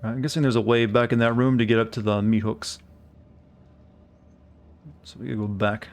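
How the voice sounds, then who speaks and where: A man's voice: on the low side, fairly even intonation, a little fast. Wry American man streaming a game. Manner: wry, chatty, talks to chat. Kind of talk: casual live game commentary.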